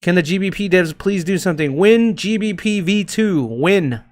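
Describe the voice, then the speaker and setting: A crypto livestream host with a slightly higher-than-average voice rattles off market figures at normal speed on a casual stream. He's loose, joking, and slangy, swearing freely and breaking into hype shouts and laughs as he reads the tickers.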